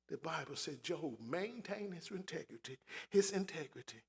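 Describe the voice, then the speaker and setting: A man's voice: on the high side, animated, normal speed, gravelly. A man preaching a sermon with emphatic delivery and asides to the congregation.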